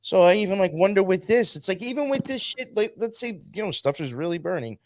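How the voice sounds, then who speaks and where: A man's voice: high voice, expressive, quick pace, no room sound. A man hosting a podcast and reading chat, rambling with many fillers. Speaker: podcast host.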